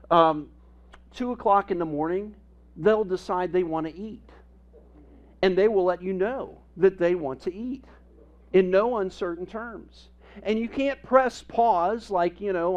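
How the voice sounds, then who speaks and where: A male pastor delivers a sermon in a lively, humorous storytelling way. His voice sits a little high for a man. The recording is somewhat dull and lo-fi.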